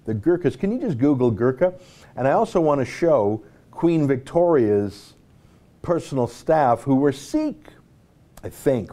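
A man's voice: mid-range voice, expressive, a little slow, warm tone. A man from North America hosting an online show, giving rambling, sarcastic casual commentary with many asides.

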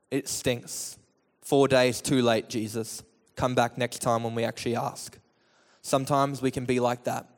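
A man preaching a sermon who moves from quiet, measured teaching to loud, half-sung calls. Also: mid-range voice. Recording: echoey hall with long reverb.

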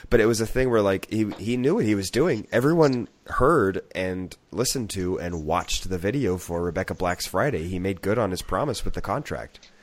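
A man co-hosting a podcast who is sick with a flu or cold, telling animated stories and laughing at himself. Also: low-pitched, moderate pace. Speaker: podcast co-host. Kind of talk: casual chat.

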